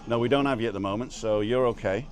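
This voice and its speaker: A man's voice: lowish voice, fast talker, faint music behind. A man hosting a casual live stream outside an inn, joking and greeting viewers by name. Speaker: livestream host.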